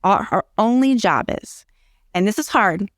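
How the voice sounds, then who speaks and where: A woman's voice: medium pitch, lively intonation, measured pace, dry recording, studio quality. A middle-aged woman explaining parenting in a casual interview, earnest and teacherly, repeating key phrases for emphasis. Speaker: early childhood educator and parenting guest.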